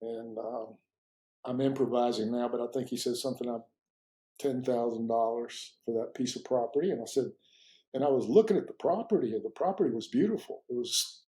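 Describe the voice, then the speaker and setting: A man telling a story in an interview, in a halting way with many repeats and fillers, and lively when he retells conversations. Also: medium pitch, rough recording. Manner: animated when retelling dialogue. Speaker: interview guest.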